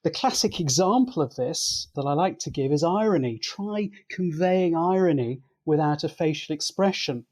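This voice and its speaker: Man explaining at length, slightly high voice. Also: expressive, moderate pace, few pauses, darkish tone. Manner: lecturing, methodical. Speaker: expert guest. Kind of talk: explanatory interview talk.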